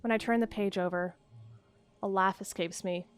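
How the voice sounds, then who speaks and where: A woman hosting a let's play reads a story game aloud in a calm, measured voice at a middle pitch. She pauses to think out loud about it, with soft game music faintly behind her. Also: clear, resonant tone. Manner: calm, measured narration, with hesitant, searching commentary. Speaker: let's play host reading a text game. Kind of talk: reading game text aloud and chatting.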